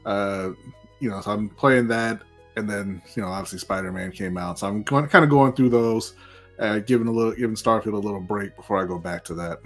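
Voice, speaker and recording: A man co-hosting a casual chat, laid-back, laughing often and giving short replies. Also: on the low side.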